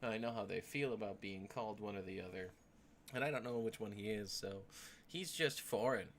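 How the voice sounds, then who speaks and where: A man's voice: lowish voice, normal speed, fairly bright tone, a little hiss or hum. A man from the United States giving casual reaction commentary, rambling and teasing and laughing often. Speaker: streamer reacting to a video.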